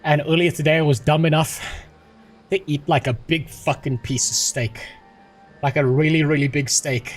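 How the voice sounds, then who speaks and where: A male streamer with a slightly high voice talks off the cuff from a small room at home, rambling, swearing freely and poking fun at himself. He sounds a little queasy after being sick, and soft music plays faintly behind him. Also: fairly even intonation, moderate pace. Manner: profane, rambling and self-mocking. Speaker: livestreamer. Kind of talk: casual livestream chat.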